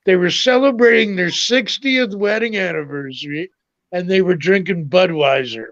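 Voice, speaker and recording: A man's voice: high voice, moderate pace, a bit bright, highs cut off. A man, a comedian guest, telling stand-up stories in casual chat and acting out the voices of people in them. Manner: storytelling, acts out quoted voices.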